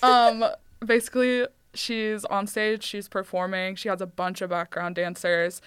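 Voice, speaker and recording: A woman's voice: mid-range voice, flat delivery, unhurried, a bit bright, clear, resonant tone, no echo. A young adult woman co-hosting a podcast, speaking in a gushing, emotional way. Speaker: podcast co-host. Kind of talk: casual podcast chat.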